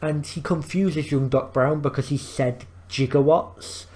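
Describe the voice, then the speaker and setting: A man's voice: on the high side, fairly even intonation, a little slow, darkish tone. A man hosting a reaction video, explaining things in rambling casual commentary full of fillers and restarts.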